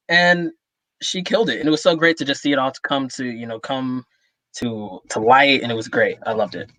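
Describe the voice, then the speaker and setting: A person, a cast member, fondly and emotionally recalling a performance. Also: female voice, sits low, dry recording. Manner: animated, laughing, emotional. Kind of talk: casual group reminiscing.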